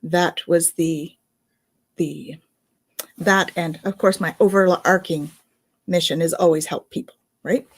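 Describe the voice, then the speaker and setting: A woman co-hosting an online talk show as an energy healer, giggly and quick to agree in casual chat. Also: lowish voice, steady tone.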